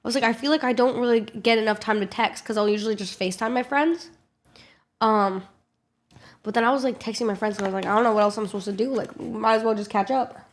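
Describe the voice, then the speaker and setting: A young woman streamer telling a casual story to her chat, animated and swearing a lot. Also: fairly high pitch, fast. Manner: animated, swears a lot, acts out loud kids.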